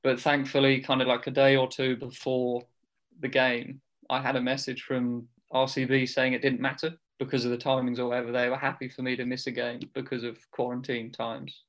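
A man's voice: mid-range voice, monotone, a little fast, a bit bright. Chatty young man telling stories. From England. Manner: chatty storyteller, loose with fillers like "kind of". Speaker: guest cricketer. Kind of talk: casual podcast chat.

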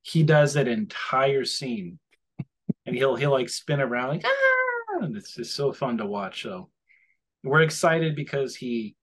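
A man co-hosting a casual podcast, his voice a little husky and breathy. He rambles easily from topic to topic. When he quotes someone he jumps into lively voices. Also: mid-range voice, unhurried. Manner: rambling, animated when quoting others. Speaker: podcast co-host. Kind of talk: casual chat.

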